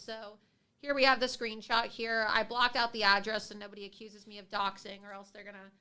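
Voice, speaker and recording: A woman's voice: fairly high pitch, pushed and bright, smooth. A woman hosting a livestream of political commentary, speaking in a combative, sarcastic and scornful way. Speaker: host.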